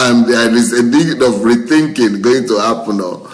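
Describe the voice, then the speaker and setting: A middle-aged male pastor, reading viewer comments aloud on a livestream, laughing often and breaking into excited exclamations. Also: medium pitch, moderate pace, vocal fry. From Nigeria.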